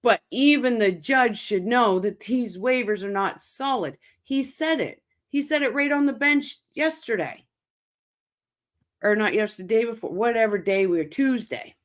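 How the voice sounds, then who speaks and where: A woman's voice: a little high, normal speed. Blunt, profane woman livestream host. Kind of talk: casual commentary over press clip.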